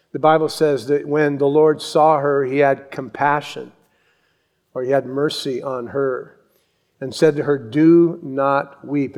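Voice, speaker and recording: Guy preaching, acts out the characters, gets loud and lively. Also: mid-range voice. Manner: animated storytelling, acts out voices and yells. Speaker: pastor. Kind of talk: sermon.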